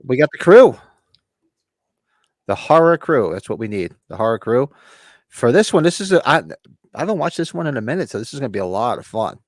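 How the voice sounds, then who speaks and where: Man host, loose rambling chatter, lively pitch, dry close sound. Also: a little fast, long pauses, dry recording. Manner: rambling, restarts mid-sentence. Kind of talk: casual live watch-along chat. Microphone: webcam stream setup.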